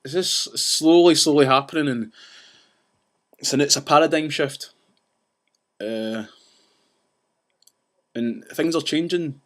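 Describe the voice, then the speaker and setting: A man ranting casually to the camera, rambling with restarts and asides and talking fast. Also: a little high, a bit bright. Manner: says he talks fast. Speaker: vlogger.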